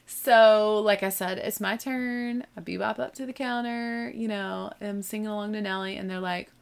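A woman's voice: medium pitch, steady tone, normal speed, vocal fry, smooth. Young southern american woman telling a story, lots of likes and you knows, laughing at herself. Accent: Southern American, mild. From southern United States. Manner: chatty, lots of "like" and "you know", self-mocking. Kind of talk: casual anecdote.

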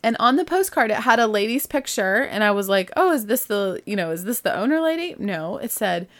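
A chatty woman talks straight to her listeners in a relaxed, rambling way. She gushes about things she loves and fills her talk with asides and little fillers, like a friend catching up over coffee. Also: mid-range voice, fast talker, few pauses. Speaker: podcast host. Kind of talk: casual solo chat.

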